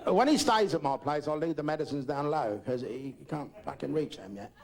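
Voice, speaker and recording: A man's voice: on the high side, expressive, fairly quick, vocal fry. An older man from Britain doing a crude, rambling live stand-up routine, swearing constantly. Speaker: stand-up comedian. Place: live comedy club. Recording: noisy live recording.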